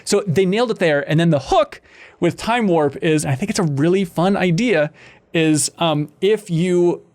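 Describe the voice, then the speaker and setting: A man's voice: high-pitched, moderate pace, a little mellow. A man hosting a games podcast, chatting enthusiastically in long run-on sentences. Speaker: podcast host. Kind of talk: casual chat.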